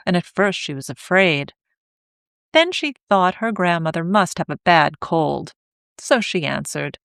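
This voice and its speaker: A woman narrating a fairy tale in a slow, clear scripted reading for English learners. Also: lowish voice, expressive, no room sound, clean studio sound.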